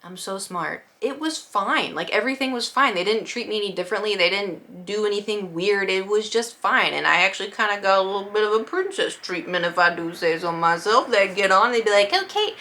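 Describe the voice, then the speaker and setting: A woman's voice: mid-range voice, a little fast, few pauses, pushed and bright. A young woman vlogger telling gaming stories in a chatty, playful way and acting out the quotes. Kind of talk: casual storytime vlog.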